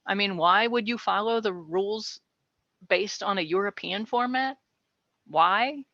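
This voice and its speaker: A woman's voice: mid-range voice, a little slow, sharp tone, no echo, muffled recording. A woman researcher giving a casual, chatty educational talk on poetry, with light laughs and asides.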